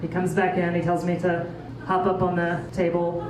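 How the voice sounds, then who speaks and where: A woman telling a funny anecdote in a dry, deadpan way. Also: on the low side, moderate pace. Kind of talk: stand-up style anecdote. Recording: roomy, distant, noisy recording.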